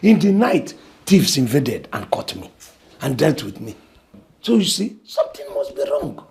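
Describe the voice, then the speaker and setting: A man's voice: medium pitch, big pitch swings, fairly quick. An actor with a Nigerian English accent playing an anxious, complaining young man who believes he is cursed. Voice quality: worried, complaining.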